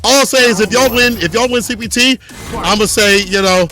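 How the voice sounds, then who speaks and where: Brief: American male caster, high bright lively voice, hype slang banter. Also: a little fast, faint music behind. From United States. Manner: hyped, joking banter with slang. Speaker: esports commentator. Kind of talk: casual esports commentary.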